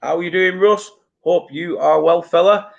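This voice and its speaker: Hosting a live football watchalong for his fan channel, a young Burnley man reads chat comments and jokes about his own mistakes, tripping over names in a relaxed, self-deprecating way. He has a high, creaky voice with fairly even intonation at normal speed, and the audio sounds dull.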